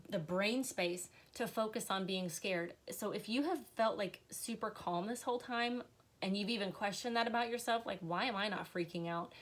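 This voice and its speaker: A woman reading tarot cards on a live stream, chatty and emotional, with many fillers. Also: on the high side. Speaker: tarot reader.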